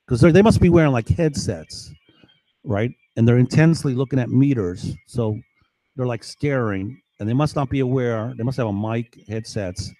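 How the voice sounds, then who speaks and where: A man's voice: mid-range voice, a little mellow, dry recording, rough recording. A man telling a personal story in a casual, rambling, boastful way, swearing often. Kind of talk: casual first-person account.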